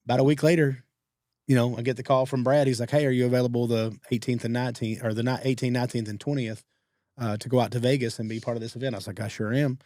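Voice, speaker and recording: A man, co-hosting a podcast and telling stories in a casual, animated way, acting out what other people said. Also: medium pitch, dry recording, studio quality. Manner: fast-talking, animated quoting of others. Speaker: podcast co-host. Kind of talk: casual storytelling.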